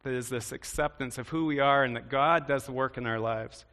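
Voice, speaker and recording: A man's voice: medium pitch, brisk, a bit bright, in a large hall. A man preaching a sermon in a conversational way, often turning to the congregation with questions. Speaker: pastor.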